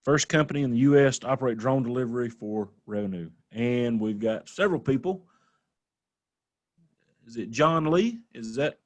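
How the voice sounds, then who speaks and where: A man's voice: medium pitch, normal speed, darkish tone, dry recording. An easygoing man with a Southern US accent hosts a session and keeps the talk light and upbeat. His voice sounds dry and close, with no room around it. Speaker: webinar host. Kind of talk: casual hosting.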